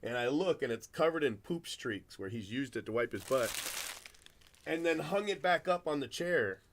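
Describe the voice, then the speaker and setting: Middle-aged guy rambling through a story while opening cards, casual chatty host, mid pitch. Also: lively intonation, moderate pace, noisy background. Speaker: card break host.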